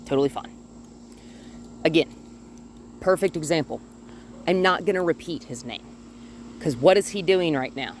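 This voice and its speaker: A woman dog trainer filming outdoors on a phone held in one hand, calmly explaining her methods and now and then talking to the dog in a high sing-song voice. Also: moderate pace, pauses often, slight background noise. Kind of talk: instructional dog-training video. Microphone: phone held in one hand while filming.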